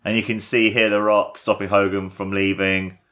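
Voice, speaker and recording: Low-voiced man gushing over an old match. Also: normal speed. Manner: gushing, excitable, full of "like" and "you know". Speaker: podcast host. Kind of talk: casual watchalong commentary.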